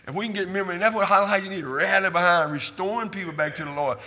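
A man preaching a sermon in church, drawing call and response from the congregation, repeating himself and building from quiet talk to loud shouting. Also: sits high, rapid-fire, big-room sound. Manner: repetitive, asks the church for amens. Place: church sanctuary.

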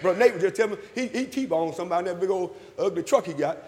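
A man delivers a sermon with an invitation call, his voice very high for a man and ringing through the long echo of a church hall. He speaks at a racing pace, trading call-and-response with the congregation, repeating phrases and climbing to loud, emphatic peaks.

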